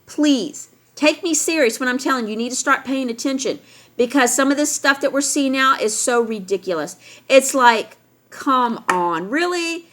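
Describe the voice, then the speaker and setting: A woman's voice: sits high, normal speed, a bit bright. A woman ranting straight to her viewers, emphatic and lecturing, driving points home by repeating them. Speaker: vlogger addressing viewers. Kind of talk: direct-to-camera rant.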